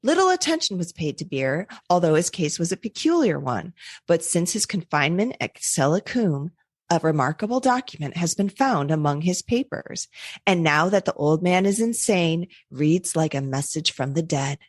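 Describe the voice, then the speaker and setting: A woman's voice: on the low side, sing-song, normal speed, no room sound, studio quality. A woman hosting a casual podcast, reading an old newspaper ghost story aloud with chatty asides. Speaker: podcast host.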